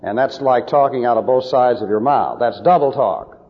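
A man's voice: mid-range voice, animated, moderate pace, in a large hall, dull audio. A male preacher giving emphatic, lecture-style Bible teaching with numbered points.

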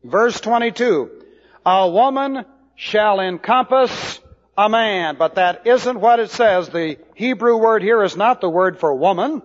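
A man teaching a sermon, slow and deliberate, spelling out Hebrew words letter by letter. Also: sits high, expressive. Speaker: Bible teacher. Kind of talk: expository sermon. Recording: dull lo-fi hall recording.

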